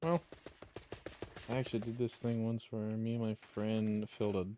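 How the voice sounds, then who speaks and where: Young guy streamer, slightly low voice, loose profane chatter, tells stories while playing. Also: flat delivery, normal speed, noisy background. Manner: rambling, profane, chuckles while telling stories. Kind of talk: casual chat while gaming.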